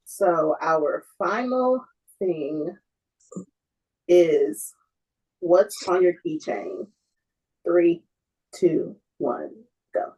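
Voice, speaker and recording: A woman's voice: fairly low pitch, lively intonation, extremely slow, long pauses, warm tone, slightly rough, lo-fi sound. A woman co-hosting a podcast in casual chat, laid-back and joking. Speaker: podcast co-host.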